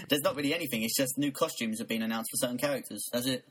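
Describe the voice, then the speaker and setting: A young man chatting on a podcast in a laid-back, sweary way, his pitch right in the middle range. A faint hiss runs under his voice. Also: animated, fast. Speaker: podcast co-host. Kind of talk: casual chat.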